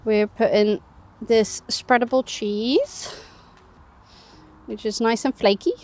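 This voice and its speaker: A woman's voice: on the high side, slow, darkish tone. A woman chatting casually while showing how she makes toasties outdoors on a fishing bank, laughing often. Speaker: co-presenter, cooking on the bank. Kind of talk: casual cooking demo chat.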